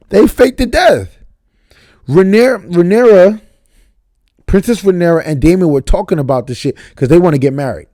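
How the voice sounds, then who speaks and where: A man's voice: a little high, warm tone, no room sound. A young man, reviewing a TV episode at home late at night in a profane, emphatic casual rant. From New York area. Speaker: TV review vlogger.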